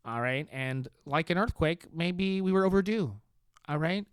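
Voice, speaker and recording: A deadpan man riffs alone on his podcast. His voice sits a little high, with coarse language and short laughs at his own jokes. The sound is close and dry, with no room echo. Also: moderate pace, clean tone. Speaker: podcast host. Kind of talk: sarcastic comedic monologue.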